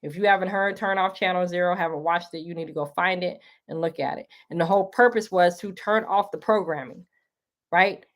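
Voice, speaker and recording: A tearful, emotional woman runs a live talk, addressing her audience as y'all and speaking earnestly, even preachily. Her pitch is fairly low and her pace a little quick in this casual monologue.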